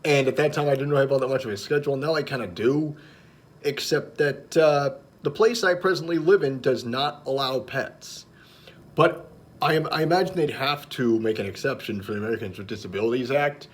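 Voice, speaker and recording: A young man talking casually on his vlog, telling jokes with lots of fillers and restarts. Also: medium pitch. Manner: halting, many fillers and restarts, chuckles at own jokes. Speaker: vlogger.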